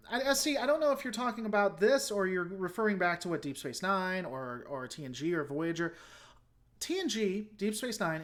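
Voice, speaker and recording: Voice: medium pitch, fairly bright tone. A YouTube host giving casual reaction commentary and answering viewer comments, frank and opinionated, often restarting sentences.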